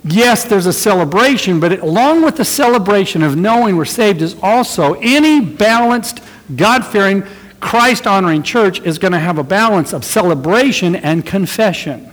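Folksy middle-aged preacher in a reverberant hall. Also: male voice, high-pitched, animated, moderate pace, fairly bright tone. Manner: folksy storytelling, chuckling, acts out quotes. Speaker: pastor. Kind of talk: sermon with anecdotes.

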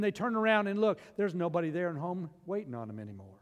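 A man pastor preaching a sermon, animated, swinging from loud passages to hushed ones. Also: high voice, quick pace, few pauses, long reverb tail.

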